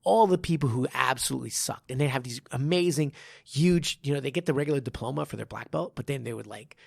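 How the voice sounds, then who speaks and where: A man who hosts a podcast and teaches martial arts, telling stories in animated casual talk, acting out quotes and swearing. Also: medium pitch, quick pace, gravelly, slightly rough, dry recording. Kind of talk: casual chat.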